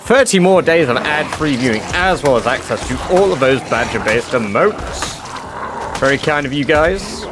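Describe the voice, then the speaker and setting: A man's voice: fairly high pitch, expressive, measured pace, noisy background. A man from Scotland chatting casually with viewers on a live gaming stream and thanking supporters.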